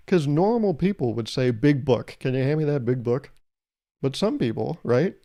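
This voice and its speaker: A man's voice: mid-range voice, dark tone. A man hosting a solo podcast, talking in a sarcastic, joking way full of rhetorical questions and playful mock advice. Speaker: podcast host. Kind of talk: solo comedic podcast monologue.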